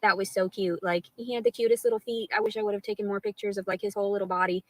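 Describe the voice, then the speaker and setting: A woman's voice: medium pitch, steady tone, racing, poor audio. A woman talking straight to her live stream audience, rambling and swearing a lot, with an aggrieved tone. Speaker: livestreamer.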